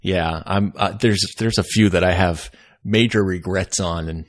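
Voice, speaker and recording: A man's voice: low voice, measured pace, no room sound, studio quality. A man guesting on a casual podcast chat, hesitant and thinking aloud.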